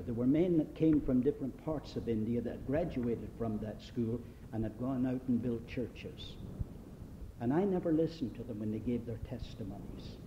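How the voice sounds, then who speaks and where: A man from Great Britain preaching a sermon, telling stories from a mission trip in a storytelling way. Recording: dull old sermon tape with faint hiss and rumble.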